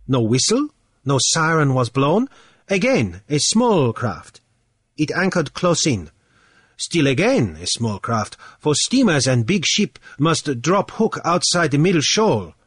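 A man reading the part of a calm man at a card table, reasoning out loud in a measured, deliberate way. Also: fairly high pitch, breathy edge, no room sound, clean studio sound, heavily acted.

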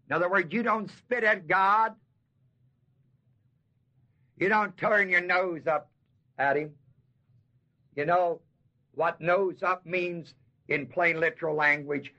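A man's voice: sits high, sharp tone. A man teaching a sermon on a Bible passage in a folksy way, leaning hard on key words and quizzing his listeners. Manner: emphatic, drawn-out stress on key words; folksy, asks the audience questions. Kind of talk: expository sermon. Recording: dull lo-fi sermon tape.

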